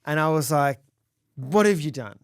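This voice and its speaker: Aussie dad on a podcast, voice bouncing all over, dry close sound, swears and laughs. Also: male voice, a little high, normal speed, clear, resonant tone, dry recording. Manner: animated, acts out quotes, swears, laughs a lot. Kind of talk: casual storytelling chat.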